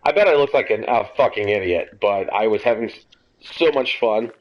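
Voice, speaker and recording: A young man hosting a podcast, telling a long story in a casual, rambling, animated way and swearing freely. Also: lowish voice, normal speed. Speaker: podcast host. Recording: dull lo-fi audio.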